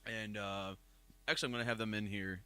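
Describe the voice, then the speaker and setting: A man with a Northeast Ohio accent, chatting casually as a podcast co-host and talking excitedly about his band. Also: on the low side, a little fast, clear, resonant tone. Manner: animated, excitable storytelling. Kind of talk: casual chat.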